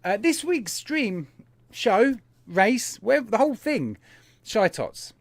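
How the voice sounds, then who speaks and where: A man's voice: high-pitched, big pitch swings, slow pace, creaky, no echo. A man hosting a live stream, chatting in a casual, upbeat way and greeting viewers one by one. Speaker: host of a vaping live stream.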